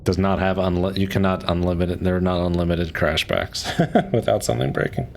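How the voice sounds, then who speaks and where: A man's voice: sits low, steady tone, fairly quick, gravelly, slight background noise. A young man streaming a game, musing aloud in a rambling, casual way with frequent "like"s and short laughs. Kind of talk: casual gameplay commentary.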